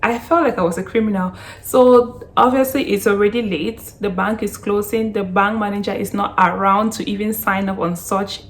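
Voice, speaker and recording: A young woman from Canada tells a story straight to camera, her voice sitting at an ordinary middle pitch. She rushes through the account with lots of "like" and slips into acted-out quotes. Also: a little hiss or hum. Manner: lively retelling full of "like" and acted quotes. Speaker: vlogger. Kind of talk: storytime vlog.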